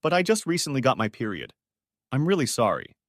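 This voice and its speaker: A man's voice: medium pitch, wildly swooping pitch, fairly quick, dry recording, clean studio sound, voice pushed up. A man voicing a scheming, unfaithful wife who talks in a sweet, evasive way.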